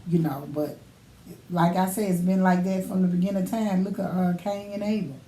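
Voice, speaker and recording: A woman on a casual podcast, giving calm, measured advice. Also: fairly low pitch, roomy sound, a little hiss or hum. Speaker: podcast co-host. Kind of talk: casual faith podcast chat.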